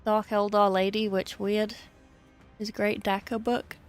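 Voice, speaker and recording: An English woman chats casually on her livestream, swearing freely and slipping into exasperated asides. Her voice sits at an ordinary middle pitch for a woman. Faint music plays quietly behind her. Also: flat delivery, a little slow, clean tone. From England. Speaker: streamer.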